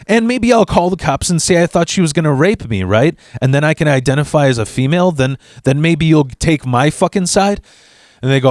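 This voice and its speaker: A man's voice: a little high, fairly quick, no room sound, clean studio sound. A young man telling a storytime rant to camera, swearing heavily and stumbling over restarts as he acts out what others said. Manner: profane and animated, acting out quotes; restless stammers and restarts. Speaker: vlogger.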